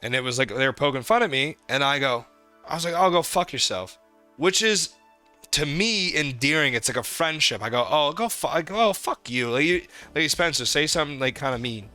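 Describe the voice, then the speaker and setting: A man's voice: fairly high pitch, fairly quick, faint music behind. A young man from New England co-hosting a podcast, telling stories animatedly in casual chat and swearing a lot. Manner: animated storytelling, heavy swearing. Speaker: podcast co-host.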